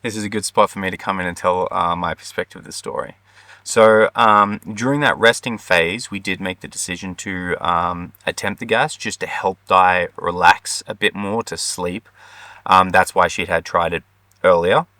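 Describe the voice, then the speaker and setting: Brief: young Australian man, low voice with a bright, forceful edge, heartfelt vlog storytelling, dry sound. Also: fairly even intonation, normal speed, dry recording. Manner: earnest, heartfelt, many ums. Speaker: vlogger co-host. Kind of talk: personal storytelling.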